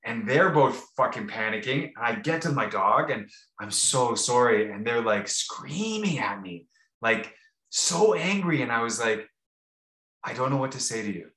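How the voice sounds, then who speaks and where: A man's voice: mid-range voice, expressive, a little slow, pushed and bright. A man co-hosting a podcast, telling a rambling, casual story with many restarts and fillers. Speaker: podcast co-host. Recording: roomy echo.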